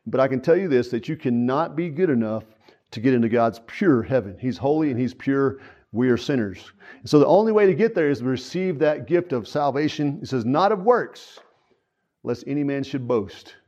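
A man's voice: mid-range voice, animated, brisk, dark tone. A man preaching a sermon as pastor, earnest and folksy, with frequent fillers. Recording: dull lo-fi sound.

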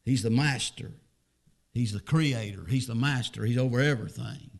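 A man preaching a sermon, explaining scripture with plain asides and repeating phrases for emphasis, his voice climbing high and loud at the key points. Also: moderate pace, gravelly. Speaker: pastor. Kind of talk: sermon, scripture reading with commentary.

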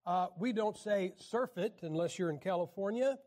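A man teaching a Bible class in a folksy, joking way, often clearing his throat and restarting his sentences. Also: high voice, normal speed, a little mellow, a little hiss or hum. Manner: frequent throat clearing and restarts, jokey asides. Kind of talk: folksy teaching talk with jokes.

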